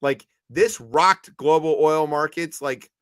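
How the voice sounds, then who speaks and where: A man's voice: on the high side, slow pace, a bit bright, no room sound. A man co-hosting a comedic news chat show, talking casually and animatedly and acting out quoted voices for laughs. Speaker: co-host.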